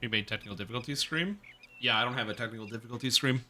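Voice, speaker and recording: A man's voice: mid-range voice, racing, pushed and bright, faint music behind. A man streaming a game and chatting casually with his viewers, rambling and chuckling now and then. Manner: rambling, chuckles often, talks to his cat. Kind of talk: casual live-stream chat.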